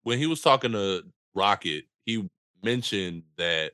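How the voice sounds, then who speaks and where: A man co-hosting a podcast, chatting casually about a movie in a laid-back, halting way, often repeating words. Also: on the low side, animated, bright, forceful tone, no echo, studio quality. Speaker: podcast co-host. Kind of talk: casual movie review chat.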